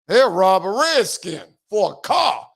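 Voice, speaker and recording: A man's voice: high voice, very animated, takes it slowly, gravelly, fairly bright tone. A middle-aged man from Washington DC with a DC accent, hosting a podcast and telling stories in emphatic, slangy street talk. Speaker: podcast host.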